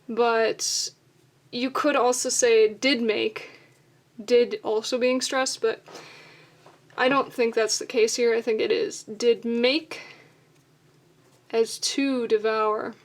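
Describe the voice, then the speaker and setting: A young adult woman teaching poetry writing in an instructional video, explaining methodically step by step with the odd filler. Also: on the high side.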